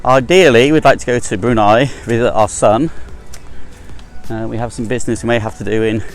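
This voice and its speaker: A middle-aged man rambles cheerfully through a walking vlog, trading self-deprecating asides with his viewers. His voice sits at an ordinary middle pitch, picked up by a handheld phone outdoors. Soft music plays faintly underneath. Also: steady tone, brisk. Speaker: travel vlogger. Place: outdoors on an overgrown hillside park path. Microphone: handheld phone camera without gimbal.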